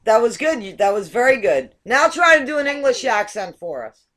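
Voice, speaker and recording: A woman's voice: on the high side, sing-song, fairly quick, fairly bright tone. A woman hosting a casual game-show chat over a video call, playful and teasing. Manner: playful, teasing, laughing often. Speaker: talk show host.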